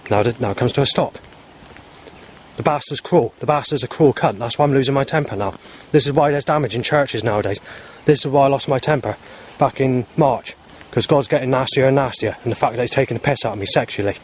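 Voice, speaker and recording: A man's voice: mid-range voice, quick pace, a little hiss or hum. A man talking to camera outdoors in a rambling, agitated vlog monologue, full of fillers and restarts. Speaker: vlogger. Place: outdoors in the heat.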